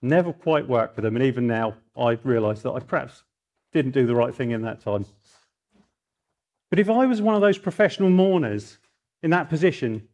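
A middle-aged man preaching a sermon, telling stories in a lively way and rising into mock outrage. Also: medium pitch, moderate pace.

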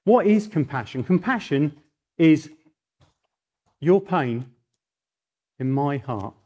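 A middle-aged man preaching a sermon in a fairly high voice. He tells stories with lively swings of pitch and often rises into mock outrage. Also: takes it slowly, slightly rough, highs cut off. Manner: animated storytelling, voice rising in mock outrage.

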